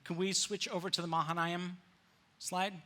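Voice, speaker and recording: A pastor with a bright, forceful voice, sitting a little above the usual male range. He preaches in a lively, casual storytelling style, jumping into the characters' voices and dropping modern slang as he goes. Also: high-pitched, moderate pace. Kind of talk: sermon. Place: church sanctuary with slides.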